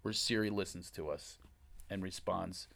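A man hosting a comedy podcast in a studio, chatting casually and telling stories full of quick impressions. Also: sits low, vocal fry. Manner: animated storyteller, slips into impressions. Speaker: podcast host.

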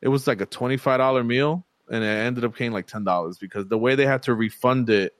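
A man's voice: medium pitch, quick pace, no echo. Profane New guy, dry close mic. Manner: profane, rambling storyteller who acts out quoted voices. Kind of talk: casual chat.

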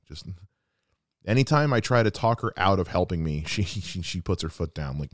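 Expressive and low, the voice of a thirty-something podcast host moves at normal speed with no echo. In his heartfelt solo monologue, he reflects earnestly on someone close to him and includes quoted asides.

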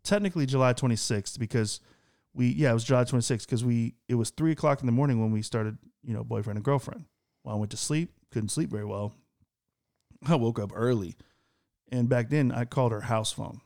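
A man in his thirties telling a story in casual chat as a podcast co-host, animated and jumping up into a higher voice to act out the lines he quotes. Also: brisk, vocal fry. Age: 30s.

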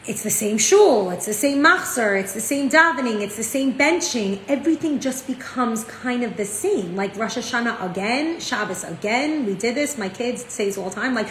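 A woman teaching a casual Torah lesson. She tells stories in a chatty, animated way, often checking in with "right?". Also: fairly high pitch, normal speed, hardly any pauses. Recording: echoey room with faint ambient noise.

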